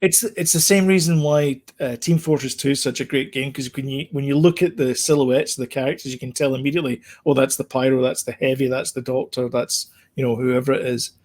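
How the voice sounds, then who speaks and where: A man's voice: mid-range voice, steady tone, darkish tone. A man co-hosting a podcast in casual chat, rambling with lots of ums. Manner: rambling, fills pauses with ums. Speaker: podcast co-host.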